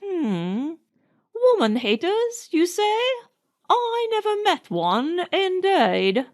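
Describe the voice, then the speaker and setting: A woman reading an audiobook voices a doting, scolding old nanny, high and wailing. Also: sing-song, darkish tone, heavily acted. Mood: fond scolding. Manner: high, slow, wailing and coaxing.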